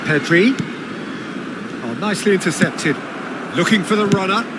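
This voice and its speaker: A man voicing a football game's play-by-play commentator, excitable, rising to big shouts on goals. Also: high-pitched, normal speed. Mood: lively. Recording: game audio with loud background noise.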